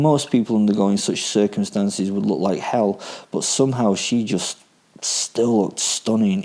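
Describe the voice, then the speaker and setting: A man's voice: lowish voice, warm tone. A man narrating a first-person horror story in a dry, darkly comic, matter-of-fact way. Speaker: podcast host and narrator.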